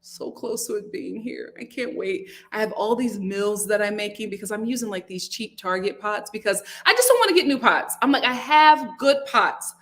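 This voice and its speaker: A woman's voice: moderate pace, few pauses. A young adult woman hosting a live reality TV review from home, chatting animatedly and reading viewer comments aloud. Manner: chatty and animated, jumps to high-pitched exclamations and acted quotes. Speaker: host. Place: home room, lit by a window.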